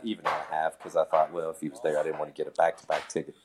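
A man in casual storytelling mode, chatting with a co-host. He laughs often and switches into quoted voices as he replays a conversation. He is relaxed and talkative. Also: deep voice, quick pace, few pauses, background noise.

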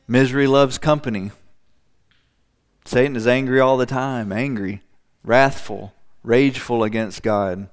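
A man's voice: mid-range voice, fairly even intonation, moderate pace, clear, resonant tone. A man preaching a sermon, driving points home with emphatic repetition and acting out other voices. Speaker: pastor.

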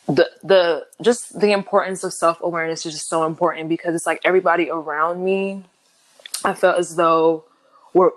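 A young woman speaks candidly as an interview guest, halting with lots of fillers and restarts but turning lively whenever she quotes other people. Her voice is low-pitched, and the audio is poor.

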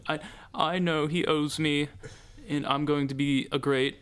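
A player voicing a nervous, stammering young male scholar who serves a villain, slow and self-important. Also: mid-range voice, steady tone, a bit bright, smooth, lightly acted. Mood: boastful. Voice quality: stammering, halting.

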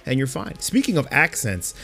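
A man co-hosting a casual fan podcast, talking in a slangy, animated way with many restarts. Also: mid-range voice, moderate pace, slightly rough. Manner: animated, slangy, stumbles and repeats words. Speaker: podcast co-host.

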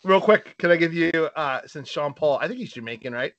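Teasing man with a bright, dry voice. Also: fairly high pitch, animated, brisk, dry recording, highs cut off. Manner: teasing, laughing. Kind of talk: casual chat.

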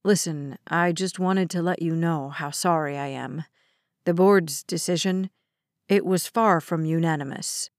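A woman's voice: on the low side, steady tone, moderate pace, few pauses, no room sound, studio quality, voice pushed down, close to an everyday voice. A woman voicing a tired, apologetic middle-aged man in an audiobook. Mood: weary. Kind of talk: audiobook character reading.

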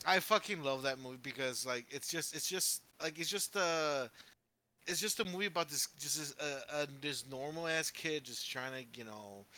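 A man co-hosting a casual podcast, telling a favorite film story in a rambling, excited way with lots of fillers and swearing. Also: on the high side, moderate pace. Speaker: podcast co-host.

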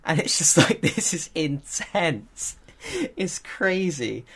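A man co-hosting a casual podcast chat, telling a story with lots of fillers and quick laughs. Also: on the high side, expressive, a bit bright, husky. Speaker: podcast co-host.

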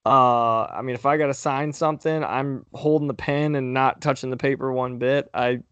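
A man's voice: mid-range voice, steady tone, normal speed, a bit bright, smooth, no room sound, lo-fi sound. A man co-hosting a podcast, telling stories in a profane, emphatic way during casual banter. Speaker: podcast co-host.

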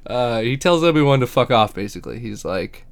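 A man's voice: medium pitch, lively intonation, a little fast, gravelly. A man co-hosting a podcast, casually recapping a TV episode in a profane, joking way and acting out the characters' lines. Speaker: podcast co-host.

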